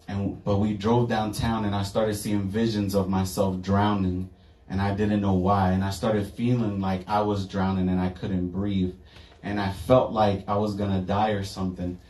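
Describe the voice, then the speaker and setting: Young man preaching a testimony in a roomy church. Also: on the low side. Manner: casual storytelling, slangy, animated when quoting himself. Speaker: evangelist. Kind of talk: testimony sermon. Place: church sanctuary. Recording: roomy church sound from a distance.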